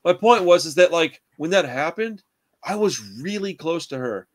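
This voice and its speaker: A man's voice: on the high side, lively intonation, normal speed. A young man telling rambling stories in casual chat, swearing a lot and calling people dude and bro.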